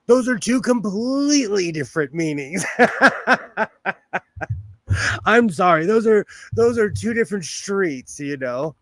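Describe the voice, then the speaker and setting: Playful high-voiced man chatting on a live stream. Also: expressive, a little slow, long pauses, dry recording. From United States. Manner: laughs often, chatty and playful. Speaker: sewing livestream host. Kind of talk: casual live-stream chat. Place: home sewing room.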